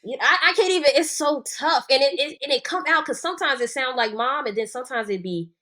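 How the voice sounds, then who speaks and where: A woman guest co-host chats casually in a slightly high voice. She is playful and lively and keeps agreeing with plenty of murmurs. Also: fast talker. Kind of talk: casual recap chat.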